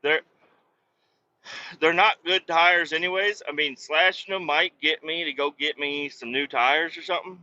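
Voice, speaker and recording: A man rambling and cursing in a casual monologue while driving his truck down the highway, with sudden loud outbursts. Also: fairly even intonation, unhurried, no room sound, lo-fi sound. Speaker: podcast host.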